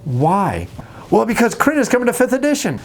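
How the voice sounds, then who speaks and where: A man hosting a casual talk about tabletop games, jokey and animated, acting out scenes at the table. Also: very high voice, fairly quick, slight background noise. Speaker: host.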